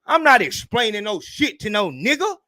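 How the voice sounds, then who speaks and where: A man hosting a podcast, ranting casually in a profane, animated way and mimicking people in mocking voices. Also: sits high, normal speed, no echo. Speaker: podcast host. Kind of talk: casual rant.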